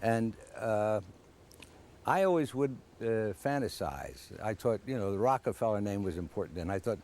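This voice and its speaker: An older man, an actor, telling a rambling, halting, self-mocking anecdote. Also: on the low side, lively intonation, darkish tone. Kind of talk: casual storytelling.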